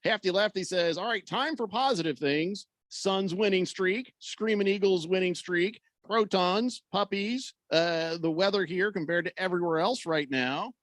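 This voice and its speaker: A man's voice: high voice, normal speed, few pauses, fairly bright tone, no room sound. A man hosting sports talk radio in a studio, joking around and reading out listener comments. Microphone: studio microphone.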